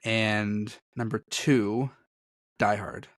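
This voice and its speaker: A man's voice: fairly low pitch, fairly even intonation, very slow, no echo, clean studio sound. A man co-hosting a podcast in casual chat, rambling and self-deprecating, often breaking into laughter. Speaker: podcast co-host.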